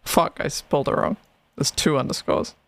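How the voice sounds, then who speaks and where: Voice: normal speed, no room sound. A streamer in casual chat, swearing often and laughing between sentences while rewatching an old stream.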